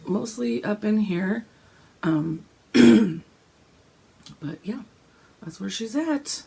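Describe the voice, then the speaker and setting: A woman, hoarse and gravelly from a cold, chatting casually about her cross-stitch plans and often clearing her throat. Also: lively intonation, very slow, long pauses, dark tone. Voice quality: gravelly, deep. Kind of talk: casual chat.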